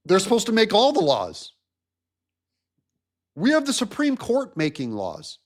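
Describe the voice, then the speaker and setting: Animated man ranting on politics. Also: high voice, measured pace, pauses often. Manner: animated, mocking, emphatic. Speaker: host. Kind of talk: political commentary rant.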